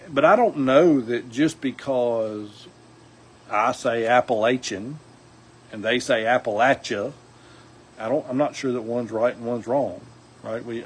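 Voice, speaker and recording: A man's voice: medium pitch, breathy edge, poor audio. A man from South Alabama with a Southern accent, talking casually to his viewers in a rambling, folksy way, full of fillers and restarts. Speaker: outdoors vlogger. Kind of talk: casual talk to camera. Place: outdoors.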